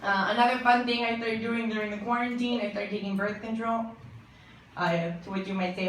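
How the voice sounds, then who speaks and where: Young female stand-up, deadpan delivery, mic'd at a distance in a reverberant room with audible room noise. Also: a little high, a little fast. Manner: deadpan jokes with frequent laughs. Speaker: stand-up comedian. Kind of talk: stand-up set. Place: comedy stage with live audience. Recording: echoey live room from far off.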